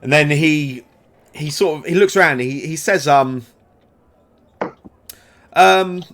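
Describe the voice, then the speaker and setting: A man running a tabletop game, narrating the scene in a hesitant, meandering way. He pauses often, restarting sentences as he feels his way through the description. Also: a little high, a bit bright, slight background noise. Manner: hesitant, many fillers and restarts. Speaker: game master.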